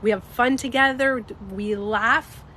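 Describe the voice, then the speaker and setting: A woman with a somewhat high voice and a slightly stuffy nose, talking casually on a livestream. She is animated and emphatic, swears freely and speaks straight to her viewers. A faint hum of background noise sits behind her. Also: a little slow. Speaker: livestreamer and beauty coach.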